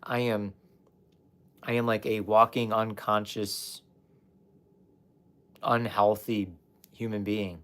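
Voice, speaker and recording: A man's voice: on the low side, fairly even intonation, unhurried, long pauses, a bit bright. A young man candidly telling his personal story on a livestream, swearing at times and talking straight to his chat. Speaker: life coach livestreamer.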